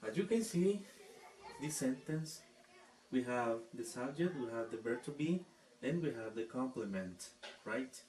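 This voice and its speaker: A man teaching an English grammar lesson, speaking deliberately and often checking in with the class. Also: mid-range voice, animated, a little mellow. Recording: echoey room, distant mic, noisy background.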